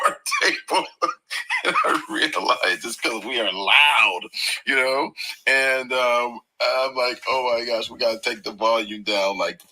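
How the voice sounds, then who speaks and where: A man's voice: fairly low pitch, pushed and bright, rough recording. A man with an American accent chatting casually on a live stream, telling stories and laughing easily. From United States.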